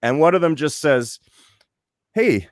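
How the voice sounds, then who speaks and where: A man from Winnipeg in his late forties, co-hosting a podcast and telling a story in lively casual chat, acting out the voices as he goes. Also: a little high, unhurried, no echo, clean studio sound. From Winnipeg, Canada. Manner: animated storyteller, restarts and acts out voices. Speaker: podcast co-host.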